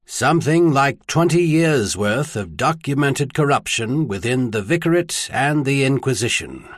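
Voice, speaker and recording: Casting: male narrator doing a calm older archbishop, measured and husky, audiobook reading. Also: medium pitch, no echo, clean studio sound, voice pushed up. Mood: grave. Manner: mild, measured, then grave. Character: older male archbishop, mild and knowing, old friend.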